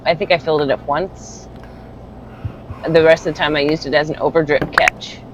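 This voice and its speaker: A man's voice: a little high, little pitch movement, moderate pace. Offhand man on a dull, lo-fi mic. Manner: brief, offhand remarks. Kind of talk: casual podcast chat. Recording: dull, lo-fi mic with faint hiss.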